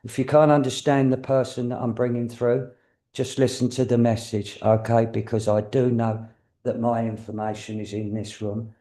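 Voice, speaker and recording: A man's voice: medium pitch, level tone, moderate pace, dark tone, reverberant. A man working as a spiritualist medium, chatty and joking, often checking in with the audience. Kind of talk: mediumship demonstration to a congregation.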